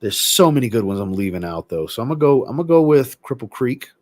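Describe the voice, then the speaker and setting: A man hosting a livestream and chatting casually, reading viewer comments aloud and answering them in a relaxed, rambling way. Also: mid-range voice, fast talker, dry recording, clean studio sound. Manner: relaxed, rambling, with filler words. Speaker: host.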